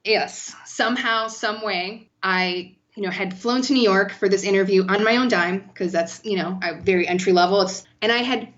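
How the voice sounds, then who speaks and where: Woman guest, mid pitch, chatty storyteller with a lot of swearing, slightly muffled sound. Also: moderate pace, few pauses. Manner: animated, profane, lots of "like". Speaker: podcast guest. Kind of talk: casual storytelling.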